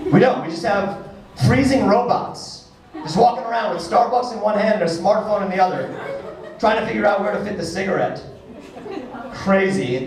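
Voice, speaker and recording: Animated New stand-up comic. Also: male voice, high-pitched. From New York. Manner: animated, acts out characters with quick shifts of voice. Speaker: stand-up comedian. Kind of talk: stand-up comedy set. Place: comedy club stage with live audience. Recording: echoey live club recording from a distance, crowd audible.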